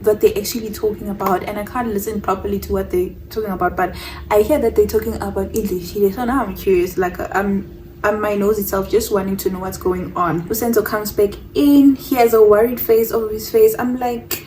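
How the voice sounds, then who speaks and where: A young woman telling a personal story on her vlog, animated and mixing English with Zulu phrases. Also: medium pitch, fairly quick, far from the mic, a little hiss or hum, poor audio. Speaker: vlogger.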